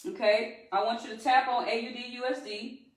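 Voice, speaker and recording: A woman with a Southern US accent leads a live-streamed trading lesson in a chatty, rallying tone. Her voice sits a little high and sounds far from the phone mic, with lots of echo around it. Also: level tone, fairly quick. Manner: chatty, rallying, addresses viewers as y'all. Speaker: trading instructor. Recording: echoey room, distant from the mic.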